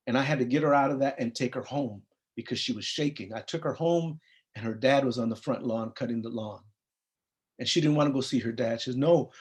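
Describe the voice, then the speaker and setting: Earnest man telling a personal story. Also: mid-range voice. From US (Compton, California). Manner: earnest storytelling, acts out quoted dialogue. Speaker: psychologist and program founder. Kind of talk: personal story at a panel briefing.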